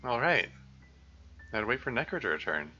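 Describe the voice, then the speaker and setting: Bright-voiced man rambling on stream. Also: mid-range voice, very animated, a little fast, lo-fi sound, faint music behind. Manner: rambling, self-interrupting asides with laughs. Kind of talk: casual live playthrough commentary.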